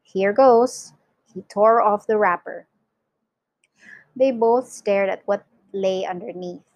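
A woman reading a children's novel aloud for a class, in clear, steady storytelling narration. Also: medium pitch, slow, no echo, low-quality recording. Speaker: reader for an English class.

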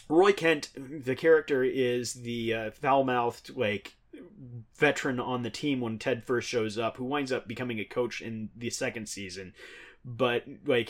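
Podcast host, thirties, man with a mid-range voice, relaxed and rambling, laughs easily. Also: mid-range voice. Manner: rambling, chuckling, conversational. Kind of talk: casual chat.

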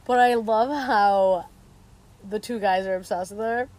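A woman's voice: medium pitch, unhurried, a little mellow. A woman co-hosting a casual podcast, gossiping about reality TV and laughing often, recorded outdoors by a lake. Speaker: podcast co-host. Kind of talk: casual chat.

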